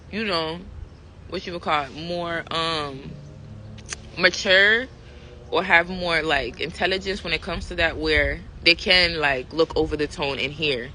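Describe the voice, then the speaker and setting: A woman vlogger thinking out loud in a casual, reflective monologue, leaning on fillers and "right?" to check in with her listener. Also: on the low side, slight background noise, low-quality recording. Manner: conversational, full of fillers and "right?" check-ins.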